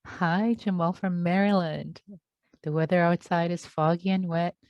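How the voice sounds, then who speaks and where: A woman meditation teacher on a video call, reading out attendees' check-ins and responding with warm, affectionate remarks. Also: on the low side, steady tone, unhurried, dry recording, lo-fi sound.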